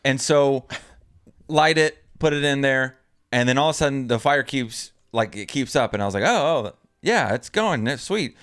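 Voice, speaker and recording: A young man, co-hosting a podcast and telling a story in a casual, animated way, jumping up in pitch when he quotes people. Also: normal speed, clear, resonant tone. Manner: animated, acts out quotes in a raised voice. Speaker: podcast co-host.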